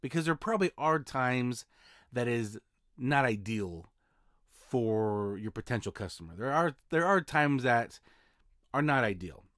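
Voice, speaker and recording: A man's voice: mid-range voice, expressive, a little slow, fairly bright tone, dry recording, studio quality. A man hosting a solo podcast, talking casually about his notary work, often repeating and restarting words. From Utah. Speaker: podcast host, mobile notary.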